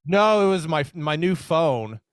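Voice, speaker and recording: A man's voice: fairly high pitch, expressive, measured pace, clear, resonant tone, no room sound, clean studio sound. A man co-hosting a casual podcast with a wry, teasing sense of humor. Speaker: podcast co-host.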